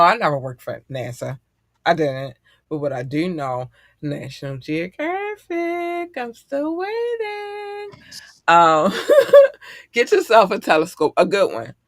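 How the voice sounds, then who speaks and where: Slightly high, profane middle-aged man. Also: dry recording, clean studio sound. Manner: animated, profane and quick to laugh. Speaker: podcast host. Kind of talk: casual podcast chat.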